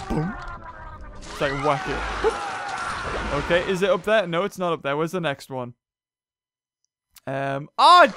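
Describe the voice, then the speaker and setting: A woman hosting a let's play, excitable, muttering low then bursting into loud outbursts. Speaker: gaming channel host. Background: game music.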